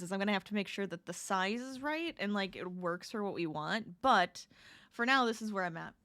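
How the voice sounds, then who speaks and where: Chatty woman streamer with lively pitch. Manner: chatty, laughs often, greets viewers. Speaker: crafting livestreamer. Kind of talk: casual chat with live viewers.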